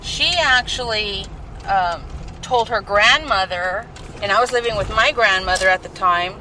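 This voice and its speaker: A woman's voice: medium pitch, measured pace, sharp tone, rough recording. Chatty woman talking while driving. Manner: chatty, filler-heavy with frequent "like" and "um". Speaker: podcast host. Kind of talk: rambling personal storytelling. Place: inside a moving car. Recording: car road noise behind voice. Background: car and traffic noise.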